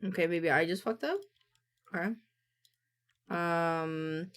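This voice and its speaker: A woman streamer chatting casually to herself, muttering, swearing often and reading script lines quickly. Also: on the low side, fairly bright tone.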